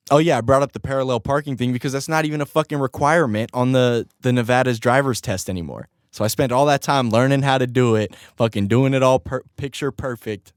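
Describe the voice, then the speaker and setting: A man's voice: mid-range voice, no room sound, studio quality. A young man hosting his own podcast, telling casual stories with lots of swearing and frequent laughter. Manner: laid-back, profane, laughs often while telling stories. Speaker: podcast host. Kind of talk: casual solo podcast storytelling.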